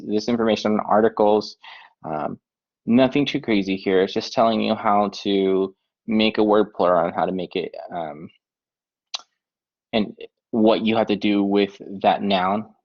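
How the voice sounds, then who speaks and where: A man teaching a Spanish class online, explaining tasks in a relaxed way with many filler ums. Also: lowish voice, normal speed. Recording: dull lo-fi online lesson audio.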